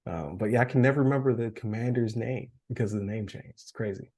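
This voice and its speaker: A man's voice: medium pitch, normal speed, long pauses, dark tone. A man co-hosting a podcast in casual chat, losing his voice, rambling with fillers and frequent laughs. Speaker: podcast co-host.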